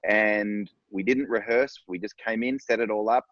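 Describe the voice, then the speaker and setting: A low-pitched man talks through a long anecdote in a loose, rambling way, restarting his sentences. The sound is dry and a little dull, as on a video call. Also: normal speed, dry recording. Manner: rambling, warm storytelling with restarts. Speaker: director on a panel. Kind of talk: casual panel discussion.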